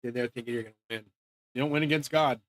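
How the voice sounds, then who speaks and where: A man's voice: medium pitch, fairly even intonation, quick pace, a bit bright, a little hiss or hum. A man hosting his channel, ranting casually and profanely in an agitated way. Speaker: channel host. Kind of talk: casual rant to camera.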